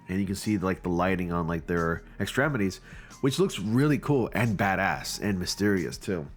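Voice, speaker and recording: A man hosting his channel, giving casual, excitable commentary with gushing reactions and frequent fillers. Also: on the low side. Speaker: channel host reviewing fan photo submissions.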